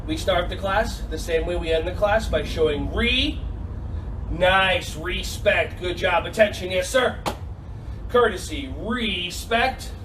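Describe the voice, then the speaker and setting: A man teaching a silly, energetic online yoga and karate class for kids, teasing them and calling out counts over a video call. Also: high voice, slow pace, far from the mic, background noise. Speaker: kids' yoga and karate instructor. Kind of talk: playful online kids' class.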